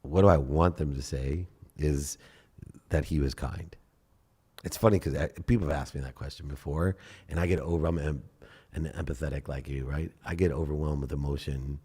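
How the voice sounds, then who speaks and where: A middle-aged man talking casually as a podcast guest, animated and blunt, sometimes swearing as he acts out his own inner voice. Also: rumbling low, moderate pace, slightly rough. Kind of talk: casual interview talk.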